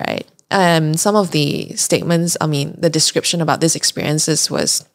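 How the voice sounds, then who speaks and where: A woman's voice: low voice, normal speed, vocal fry. Chatty woman podcast host telling stories. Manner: chatty and animated, many "like"s and laughs. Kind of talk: casual storytelling chat.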